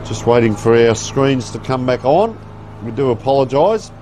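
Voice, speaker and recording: A man's voice: mid-range voice, big pitch swings, normal speed, warm tone, a little hiss or hum. A man giving folksy, chatty live play-by-play commentary on a local football game. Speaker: sports commentator. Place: outdoor football ground.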